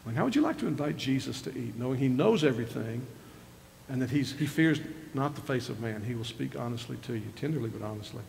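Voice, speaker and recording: Older male pastor, gravelly, conversational sermon delivery in a reverberant church hall. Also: mid-range voice, lively intonation, a little fast, darkish tone, a little hiss or hum. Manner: conversational preaching, retells scripture with rising emphasis. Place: church sanctuary.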